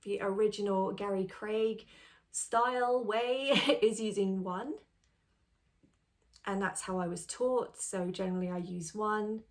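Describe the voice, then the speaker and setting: A woman coach teaching beginners a tapping routine in a gentle, reassuring, step-by-step way. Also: mid-range voice, fairly even intonation, measured pace. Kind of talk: instructional tutorial.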